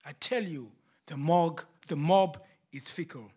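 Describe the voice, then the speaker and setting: A preacher voicing Pilate in a first-person sermon monologue, theatrical and rising to loud indignant outbursts. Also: male voice, fairly high pitch, a little slow, breathy edge. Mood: bitter. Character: Roman governor Pilate, a frustrated, defensive man. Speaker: preacher in character.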